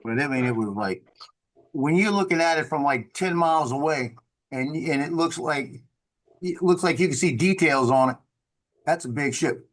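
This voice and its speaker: A man's voice: fairly high pitch, normal speed. Middle-aged man telling a rambling story. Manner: rambling storyteller, tag questions and fillers. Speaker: military veteran. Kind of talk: casual chat.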